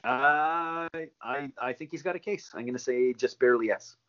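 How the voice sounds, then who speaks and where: Easygoing podcast co-host, muffled sound. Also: male voice, mid-range voice, normal speed, a bit bright. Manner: easygoing, hesitant, laughs often. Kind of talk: casual chat.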